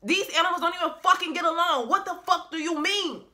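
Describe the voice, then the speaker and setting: A woman voicing an exasperated man building an ark, shrill and profane, yelling in complaint. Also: quick pace, exaggerated voice. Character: exasperated male biblical ark builder, cussing.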